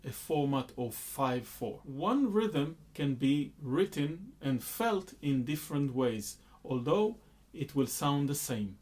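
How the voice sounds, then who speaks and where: A man's voice: mid-range voice, darkish tone, a little hiss or hum. A man teaching a rhythm lesson, patiently explaining beats and counting rhythm syllables aloud. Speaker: music teacher.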